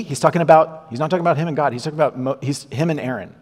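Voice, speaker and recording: A man delivers a lively sermon in a large hall, his voice a little high and husky. He slips into the voices of the people, Moses and God as he retells the story. A long reverb trails each phrase. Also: rapid-fire, few pauses. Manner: animated, acts out the people, Moses and God in dialogue. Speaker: pastor.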